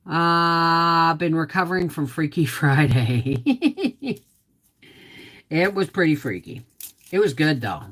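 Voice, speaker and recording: A woman's voice: low voice, expressive, slow, pauses often, fairly bright tone. A middle-aged woman hosting a casual homestead livestream, rambling chattily and greeting viewers by name, her voice a little off. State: voice slightly off.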